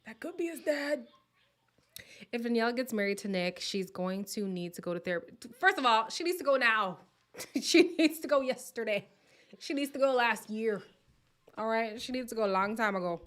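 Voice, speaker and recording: A woman's voice: a little high, a little fast, a bit bright. Chatty, playful woman hosting a live chat. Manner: chatty and playful, laughs often, drops to a whisper at times. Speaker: live stream host. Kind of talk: casual live chat reacting to viewer comments.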